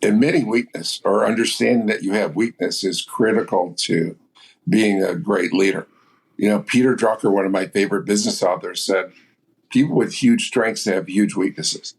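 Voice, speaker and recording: This man speaks at a normal speed in a fairly low, husky voice with vocal fry. In his seventies, he's a business guest being interviewed on a podcast, recounting things in a plain, blunt way.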